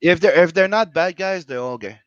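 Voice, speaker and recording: A man's voice: high-pitched, animated, a little fast, clean tone, no echo. A man hosting a livestream who reads viewer comments aloud in an offhand, casual way. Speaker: stream host reading chat. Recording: dry, slightly dull mic.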